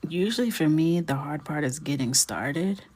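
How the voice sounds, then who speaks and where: A woman chatting casually on a live stream as she colors, greeting viewers by name, often dropping to a soft near-whisper. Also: low-pitched, lively intonation, moderate pace.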